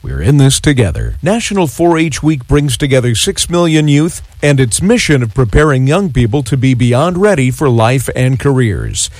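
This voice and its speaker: A man's voice: mid-range voice, very animated, moderate pace, hardly any pauses, darkish tone, no room sound. Man hosting a radio farm news spot.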